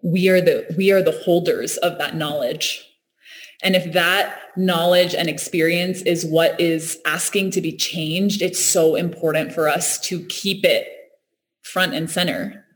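A woman talking in a reflective, earnest way, often laughing and restarting her sentences. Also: on the low side. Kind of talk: reflective casual conversation.

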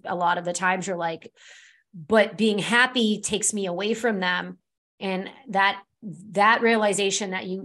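Chatty woman hosting a podcast. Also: medium pitch. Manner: warm, laughs easily, reflective. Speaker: podcast host. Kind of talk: casual chat.

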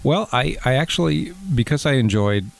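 A man playing a touchy, fondue-loving guest who talks in a deadpan, stammering way in an improvised comedy bit. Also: medium pitch, normal speed, gravelly.

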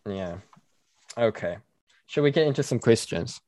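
A man co-hosts a podcast, his voice sitting in a middle pitch. He talks animatedly, swears freely and gets worked up over small things. The recording is dry and close on a desk microphone. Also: animated, unhurried, darkish tone, dry recording. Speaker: podcast co-host. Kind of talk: casual chat and reading listener questions.

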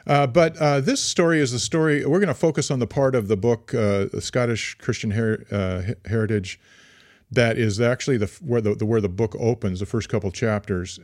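Older male podcast co-host, halting casual delivery, dry studio mic. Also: medium pitch, darkish tone, dry recording. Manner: hesitant, many fillers and restarts, playful teasing. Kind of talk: casual chat. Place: small home studio. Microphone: studio microphone.

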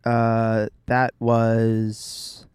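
A man's voice: medium pitch, completely flat delivery, very slow, a little mellow, clear, resonant tone. A man in his thirties, chatting casually with his wife while driving, with playful jokes and asides. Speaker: vlogger, father. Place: car.

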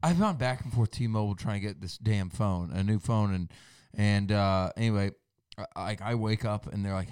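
A man co-hosting a podcast, rambling through a story in an excitable, profane way. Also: fairly low pitch, moderate pace, smooth, no room sound, clean studio sound. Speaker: podcast co-host. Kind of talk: casual banter.

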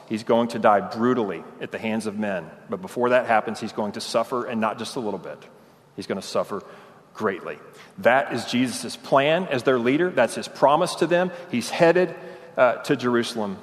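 A man preaching a sermon with lively rhetorical questions, acting out quoted speech. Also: lowish voice. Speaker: pastor. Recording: long reverb in a large room.

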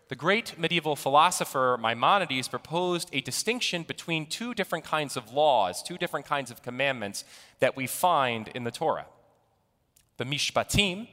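A man giving a sermon in a deliberate storytelling manner. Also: medium pitch, bright, forceful tone, big-room sound. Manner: storytelling, slow and deliberate delivery. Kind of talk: sermon with an opening joke.

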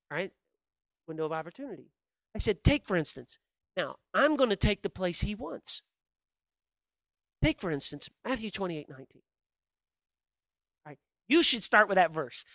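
A male preacher giving a sermon, telling a story in a lively, conversational way and calling out to the congregation. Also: high voice, no echo. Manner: animated, conversational storytelling with a crowd.

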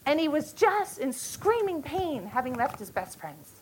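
High-pitched woman in her 40s giving a retreat talk, earnest, stops and restarts a lot, gets emotional telling stories. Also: big pitch swings, a little hiss or hum, low-quality recording. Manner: earnest, halting, emotional storytelling. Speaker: retreat speaker. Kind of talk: women's retreat teaching.

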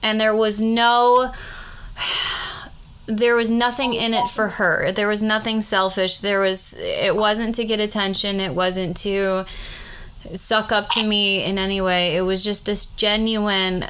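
A woman's voice: mid-range voice, fairly even intonation, takes it slowly, fairly bright tone, slight background noise. A middle-aged woman, a school principal, talking casually and heartfelt, with frequent restarts. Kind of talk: casual conversation.

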